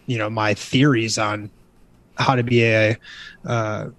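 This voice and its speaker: A man's voice: on the low side, flat delivery, slow, a bit bright. Fired-up motivational man. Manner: motivational, preachy. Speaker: guest author. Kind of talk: casual interview chat.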